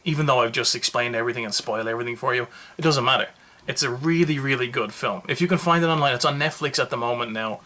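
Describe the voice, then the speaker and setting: A man giving a casual, jokey movie review, telling the story in a rambling, animated way. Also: medium pitch.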